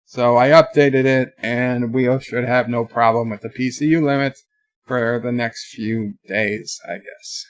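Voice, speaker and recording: A man hosting a casual livestream, rambling through a story with animated outbursts and reading viewer chat aloud. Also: mid-range voice, measured pace. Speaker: live stream host.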